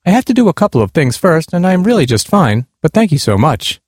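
A man's voice: fairly high pitch, sing-song, fast, darkish tone, husky, no room sound, studio quality, pitched above the performer's own voice. A man reading the lines of a polite, patient blind woman traveler in a story.

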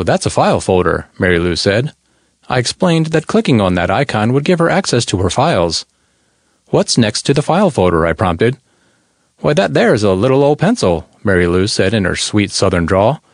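Lively man reading a story aloud. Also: fairly low pitch, dry recording, clean studio sound. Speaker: narrator reading a member's story. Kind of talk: read-aloud narration.

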